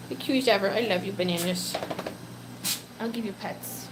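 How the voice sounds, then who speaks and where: A woman's voice: high-pitched, fairly even intonation, a little fast, long pauses, a little hiss or hum, rough recording. A young woman who grew up speaking Polish, chatting casually on a live stream and reading out viewer comments. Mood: doting. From Poland. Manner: chatty, giggly, breaks into baby talk with her pet. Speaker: pet-keeping live streamer.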